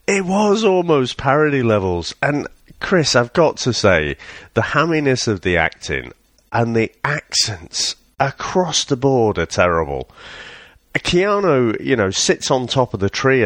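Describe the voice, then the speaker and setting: Man, film podcast co-host, animated swinging pitch, sweary and mocking, dry close sound. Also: no echo. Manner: swears freely, laughs often, lively and mocking. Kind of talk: casual film review chat.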